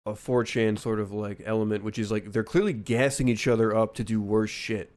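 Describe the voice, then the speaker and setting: A man's voice: lowish voice, steady tone, fairly quick, a little mellow. A man in casual podcast chat, offering wry conversational commentary.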